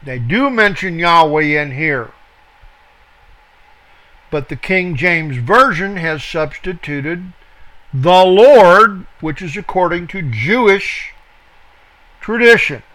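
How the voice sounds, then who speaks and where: A man teaching a verse-by-verse Bible study, slow and deliberate, pausing to spell out words and correct himself. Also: fairly high pitch, pushed and bright.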